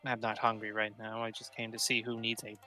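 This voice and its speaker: A man's voice: on the low side, completely flat delivery, fairly quick, pushed and bright, soft background music. A man playing a tabletop game, speaking in character in a precise, explanatory manner. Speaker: player.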